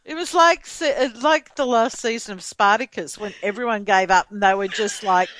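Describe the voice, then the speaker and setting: A woman's voice: medium pitch, normal speed, no room sound. Chatty woman, dry close sound. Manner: rambling, laughs often, animated asides. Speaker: podcast co-host. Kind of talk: casual chat about a TV show.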